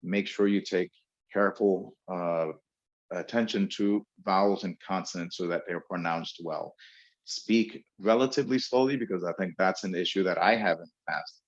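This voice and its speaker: A low-pitched New Yorker presents a webinar on public speaking, using lots of filler words and emphatic pauses. The audio is dull and lo-fi.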